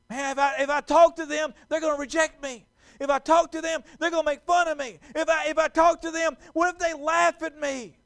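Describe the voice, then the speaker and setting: A man preaching a sermon in a church, animated and stumbling over repeated words as he acts out quotes. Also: very high voice, smooth. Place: church sanctuary.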